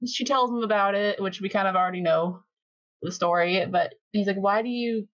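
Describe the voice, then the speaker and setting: Animated woman retelling anime scenes. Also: medium pitch, normal speed, no room sound, muffled recording. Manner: animated retelling, acting out character lines. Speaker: podcast co-host. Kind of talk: casual recap chat.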